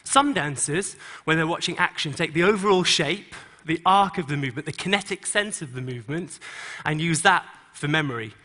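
A middle-aged choreographer on a conference stage, speaking to an audience and directing dancers with quick instructions and rhythmic sound cues. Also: male voice, fairly high pitch, big-room sound. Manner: encouraging, energetic coaching.

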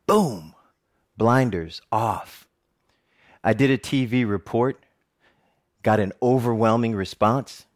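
A middle-aged man, a television reporter, telling a personal story in a talk with animated, joking delivery. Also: slow pace, pauses often. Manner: animated, jokey storytelling with big pitch swings.

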